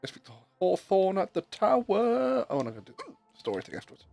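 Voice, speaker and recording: A man chats while he streams a game, rambling and swearing casually as the hiccups keep bothering him. His voice sits a little high. It sounds dry and close, with faint music underneath. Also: very animated, a little fast, vocal fry, a little mellow, no echo. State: has the hiccups. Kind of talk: casual livestream chat while gaming.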